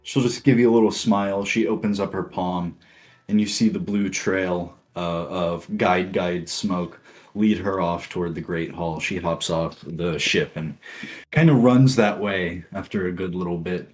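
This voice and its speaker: A man narrating a tabletop game as game master in a relaxed, chatty way, laughing easily. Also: low voice, unhurried.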